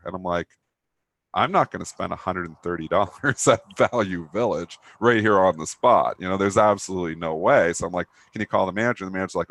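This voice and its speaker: A man's voice: deep voice, quick pace, fairly bright tone, dry recording. A man co-hosting a live talk show, telling a long rambling story with lots of fillers. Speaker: co-host of a trading talk show. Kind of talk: casual anecdote chat.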